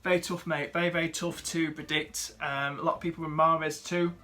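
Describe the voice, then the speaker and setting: A young man talks through viewers' fantasy teams in a relaxed, chatty way. His voice is bright and fairly high for a man. He keeps things casual with plenty of fillers and calls his viewers mate and dude. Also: brisk. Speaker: fantasy football YouTuber.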